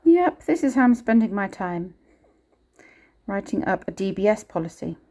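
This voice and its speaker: A woman's voice: mid-range voice, very animated, moderate pace, warm tone. A woman vlogging casually outdoors in a garden, chatting and rambling through her chores and stories. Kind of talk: casual vlog chat.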